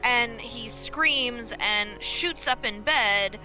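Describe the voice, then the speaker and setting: A woman's voice: fairly high pitch, very slow, pushed and bright, soft background music, rough recording. A woman guesting on a casual podcast, recapping TV scenes with wry jokes and playful quoted voices.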